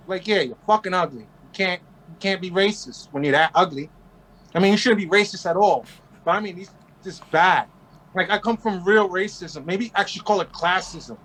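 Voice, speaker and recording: Interview guest: man in his forties from Queens, brash and profane, high voice. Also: fairly bright tone, rough recording. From Queens, New York. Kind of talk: casual interview storytelling.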